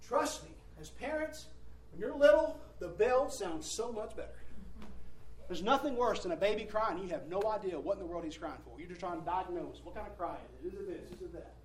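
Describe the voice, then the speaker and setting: With a high, expressive voice at a fairly quick pace, a man preaches forcefully, raising and lowering his volume and repeating phrases for impact. The recording comes from a distant mic in a roomy hall, with faint ambience and a little hiss or hum.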